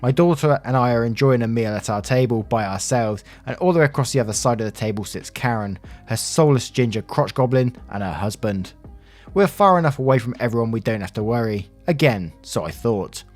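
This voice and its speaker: A man's voice: mid-range voice, fairly quick, faint music behind. A man narrating online stories casually, with wry asides and free swearing. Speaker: reddit story narrator. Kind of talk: casual story narration with commentary.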